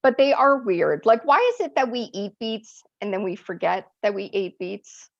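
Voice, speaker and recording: A woman's voice: medium pitch, expressive, moderate pace, gravelly, lo-fi sound. A woman doing a stand-up set, chatty and self-deprecating, often laughing at her own jokes. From Eastern Europe. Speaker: stand-up comic. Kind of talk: stand-up routine.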